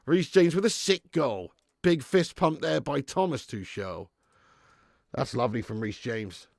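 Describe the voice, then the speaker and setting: A man hosting a live football watch-along, who is excitable and jokey and bantering with his chat. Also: medium pitch, a little slow, creaky, no room sound, studio quality. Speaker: live stream host.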